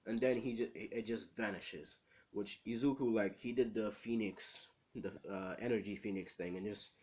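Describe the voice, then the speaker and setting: A man casually telling a fan story, rambling and swearing with lots of filler. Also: on the low side. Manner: rambling, profane, lots of "you know".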